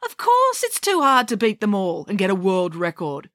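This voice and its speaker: A woman voicing an eager, bossy young girl who talks excitedly and emphatically. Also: medium pitch, normal speed, no echo, clean studio sound.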